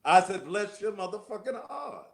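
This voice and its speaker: A man, a guest pastor from Memphis, chatting over a video call, blunt and profane with a deadpan delivery. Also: high voice, normal speed, vocal fry. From Memphis, Tennessee. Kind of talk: casual chat on a video call.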